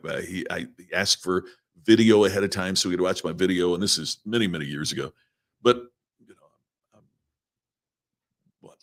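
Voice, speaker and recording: Middle-aged man, podcast guest; very low voice, earnest storyteller who stumbles and restarts. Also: fairly bright tone. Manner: earnest, repeats words at starts.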